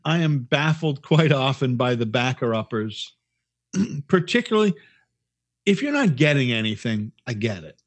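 A man's voice: mid-range voice, animated, normal speed. A man co-hosting a podcast, telling stories in casual chat, swearing often and restarting his sentences. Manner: profane, rambling storyteller with restarts. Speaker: podcast co-host.

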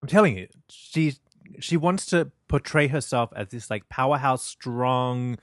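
A man's voice: medium pitch, animated, a little slow, no room sound, clean studio sound. A man co-hosting a podcast in casual chat, agreeable and chiming in with short replies. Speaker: podcast co-host.

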